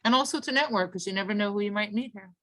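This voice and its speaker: A woman's voice: mid-range voice, rapid-fire, fairly bright tone, no echo. Chatty woman hosting a video call. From South Florida. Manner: chatty, with many fillers and restarts. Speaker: host of an online healers group call. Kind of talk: casual group video call.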